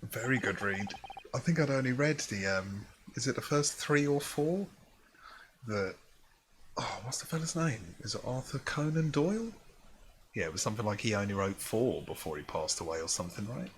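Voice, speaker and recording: A man hosting a casual let's play, reacting excitably and joking while he plays. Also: fairly low pitch, moderate pace, slight background noise. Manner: excitable, jokey, reacts and rambles. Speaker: gaming let's play host. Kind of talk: casual game commentary. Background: game music.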